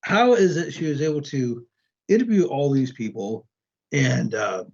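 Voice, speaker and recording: A man's voice: mid-range voice, expressive, unhurried, gravelly, slight background noise. Hesitant man talking on muffled audio. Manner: hesitant, many ums and restarts. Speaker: guest. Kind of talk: casual conversation.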